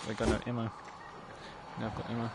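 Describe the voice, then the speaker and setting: A man streaming a game live, swearing often and yelping and shouting at what happens on screen. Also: fairly low pitch, completely flat delivery, fast, vocal fry, heavy background noise. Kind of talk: live gameplay commentary. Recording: loud game sound behind the voice. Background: loud video game audio.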